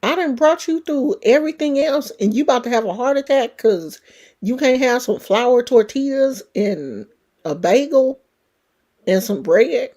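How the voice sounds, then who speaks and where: A woman's voice: fairly high pitch, expressive, unhurried, darkish tone. A woman voicing God as a stern but loving fatherly figure who talks bluntly, scolding and reassuring her in turn.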